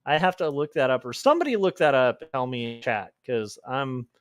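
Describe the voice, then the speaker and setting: A man's voice: medium pitch, sing-song, brisk, dry recording. A man livestreaming while he draws comics, chatting casually and reading out chat messages, with rambling asides and chuckles.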